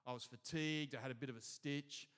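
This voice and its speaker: A man with an Australian accent preaching a sermon to a church congregation, energetic and calling out to the crowd. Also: mid-range voice, fast. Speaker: pastor. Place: church hall before a congregation.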